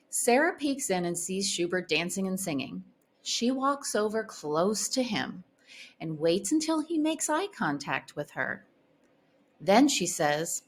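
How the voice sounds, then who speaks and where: Expressive woman reading a children's story. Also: medium pitch, measured pace. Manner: clear, expressive, child-friendly. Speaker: storybook reader. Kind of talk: read-aloud storytelling.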